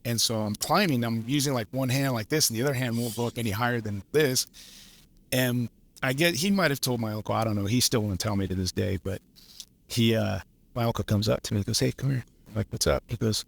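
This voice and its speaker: A lineman guest from Los Angeles tells stories in a laid-back, casual way, swearing freely and laughing along. His mid-range voice is gravelly, and he talks fast.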